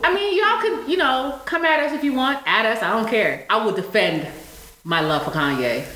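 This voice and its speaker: A woman's voice: fairly high pitch, expressive, moderate pace, sharp tone, roomy sound. A woman co-hosting a casual chat podcast, talking animatedly with lots of laughter and acted-out quotes. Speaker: podcast co-host.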